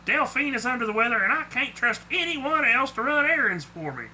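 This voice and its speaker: A man voicing a grumpy male Sasquatch who lives in a trailer park, speaking gruffly and curtly. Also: extremely high pitch, very animated, a little fast, sharp tone, slight background noise, voice pushed up, exaggerated voice. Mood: angry.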